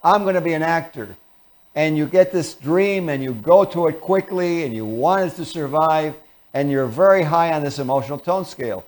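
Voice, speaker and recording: A man hosting a talk show, giving an earnest, animated motivational lecture and acting out examples. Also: a little high, normal speed. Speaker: host and lecturer.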